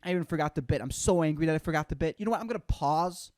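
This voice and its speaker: A man's voice: on the high side, very fast, a little mellow, dry recording. Profane young man ranting solo. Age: 20s. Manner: profane, rambling, lots of "dude" and "man". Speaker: podcast host. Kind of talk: solo comedic rant.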